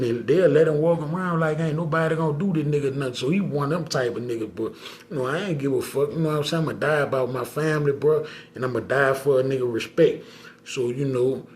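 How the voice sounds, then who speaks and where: A man with a New Orleans accent, a podcast guest telling a story in a casual, slangy, animated way and acting out the dialogue. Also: medium pitch, slight background noise.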